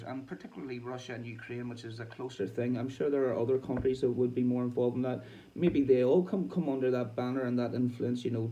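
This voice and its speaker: A man's voice: mid-range voice, warm tone. A man talking in a casual, rambling monologue, swearing a lot, laughing often and trailing off mid-thought. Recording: distant mic with faint ambient noise.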